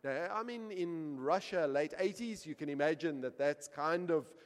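A man preaching a sermon, telling a story with quiet asides and loud, emphatic peaks. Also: on the high side, normal speed, in a large hall. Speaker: pastor.

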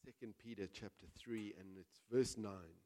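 A man preaching a sermon as pastor, telling a story with big swings between hushed and loud delivery. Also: fairly low pitch, normal speed. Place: church hall. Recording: reverberant church hall.

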